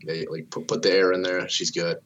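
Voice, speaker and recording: A man's voice: low-pitched, flat delivery, brisk, a bit bright, muffled recording, a little hiss or hum. A young man casually telling a long story, swearing a lot, filling his speech with "like" and acting out what people said. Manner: swears a lot, fillers like "like", acts out dialogue.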